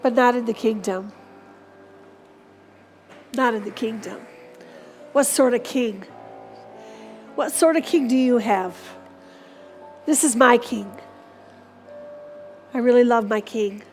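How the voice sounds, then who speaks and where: A woman's voice: on the high side, slow pace, pauses often, faint music behind. A woman preaching a sermon in an earnest, repetitive way and closing in prayer.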